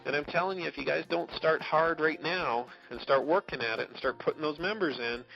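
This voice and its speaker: A man's voice: a little high, brisk, creaky. Emphatic male coach on a lo-fi call. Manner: emphatic, repeats "okay?" often; laughs between points. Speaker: network marketing coach. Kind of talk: motivational team call. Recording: dull lo-fi recording with faint music.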